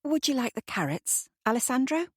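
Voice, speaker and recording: A shy, gentle woman who speaks softly and modestly, in a dry, close recording. An audiobook reader voices her. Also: high-pitched, big pitch swings, a little fast, slightly rough, no room sound, voice pushed up, heavily acted.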